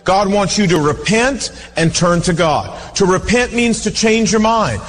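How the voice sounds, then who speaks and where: A man preaching a sermon as pastor, earnest and animated, telling stories and acting out voices. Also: high voice, a little slow. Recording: reverberant hall.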